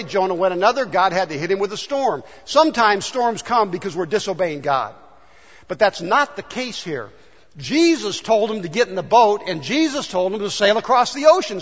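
A man preaching a sermon as pastor, animated and conversational, acting out voices from the story. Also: sits high. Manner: animated, acts out the disciples' complaints. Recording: dull sound with long hall reverb.

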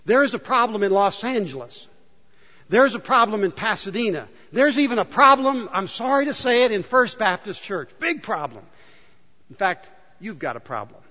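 Pastor, male, lively high-ish voice, emphatic sermon delivery, dull, echoey church recording. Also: normal speed. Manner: emphatic, rhetorical questions to the congregation. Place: church sanctuary. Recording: dull, reverberant church hall.

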